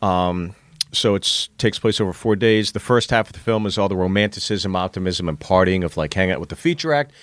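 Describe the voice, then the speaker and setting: A man talking as a guest comedian in a casual chat, telling his story with thoughtful pauses. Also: sits low, fairly bright tone, dry recording.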